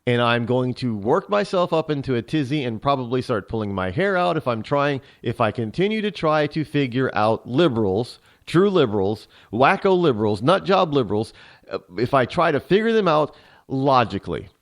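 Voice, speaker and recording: A man's voice: medium pitch, big pitch swings, normal speed. Sarcastic rambling male talk radio host. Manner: sarcastic, rambling, with many restarts and fillers. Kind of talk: opinionated talk radio monologue.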